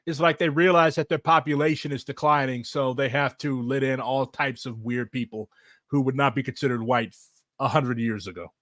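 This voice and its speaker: A man's voice: medium pitch, steady tone, normal speed, fairly bright tone, dry recording, studio quality. A man answering viewer questions in casual chat, sarcastic and profane, laughing often.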